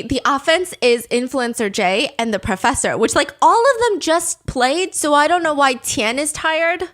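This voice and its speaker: A woman recaps a story in a lively, casual way, laughing often and dropping the odd swear word. Her voice sits a little higher than most. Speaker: host.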